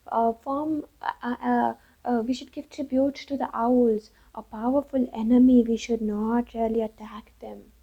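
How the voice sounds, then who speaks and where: A timid crow minister stammers through his advice, as a woman puts him on. His voice is high and husky. The sound is dull and lo-fi. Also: fairly even intonation, unhurried, hardly any pauses, heavily acted. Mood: hesitant. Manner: hesitant, stammering. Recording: dull lo-fi recording.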